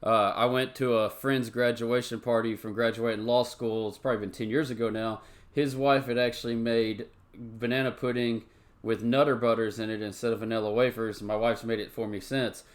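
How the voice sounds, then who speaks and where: A man's voice: medium pitch, little pitch movement, moderate pace. Male live-stream host, chatty ranter, loose and repetitive. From Tennessee. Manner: chatty, ranting, repeats himself. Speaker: show host. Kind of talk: live-stream chat show.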